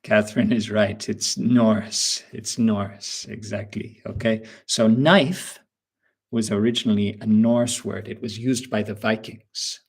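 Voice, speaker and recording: A man's voice: lowish voice, fairly even intonation, slow, vocal fry, husky. A male English teacher giving a live webinar lesson, patiently quizzing viewers and reading out their answers.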